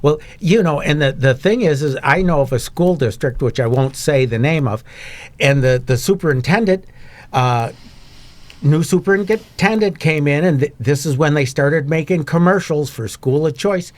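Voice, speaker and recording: A man's voice: on the high side, moderate pace. A man chatting and joking on a talk show, rambling with restarts. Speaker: show regular. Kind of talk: casual comedic chat.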